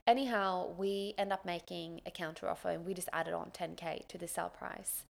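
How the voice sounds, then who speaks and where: Gravelly-voiced woman telling a story. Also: lowish voice, brisk. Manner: animated, emotional storytelling with lots of exclamations. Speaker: podcast host. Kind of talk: personal storytelling.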